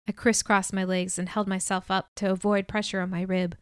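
Brief: female audiobook narrator, first person, even clear read, mid pitch, dry booth sound. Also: a little fast, hardly any pauses, no room sound.

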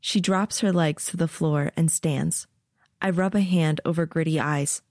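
A woman narrating an audiobook and hosting its podcast, reading with steady, expressive storytelling. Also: low voice, unhurried, dry recording, clean studio sound.

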